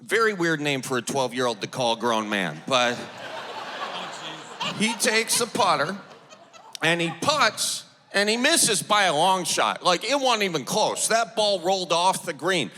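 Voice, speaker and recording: This Upper Midwest-accented man from the U.S. Midwest does stand-up in a large theater for an audience, his voice a little high, very animated, unhurried, pushed and bright. He mocks himself and performs characters in dialogue; the room sounds big, with slight hiss or hum.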